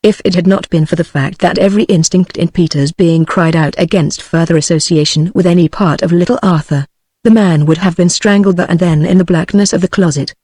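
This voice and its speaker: A woman's voice: fairly low pitch, a little fast, breathy edge, no room sound. A synthetic female voice with a British accent, narrating an audiobook in text-to-speech style. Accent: British English. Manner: even machine-read delivery.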